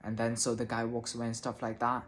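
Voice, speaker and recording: A man telling a personal story casually to camera, halting often and restarting his sentences, with the odd swear word. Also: medium pitch, monotone, a bit bright. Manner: hesitant, many restarts and fillers, casual swearing. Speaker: vlogger.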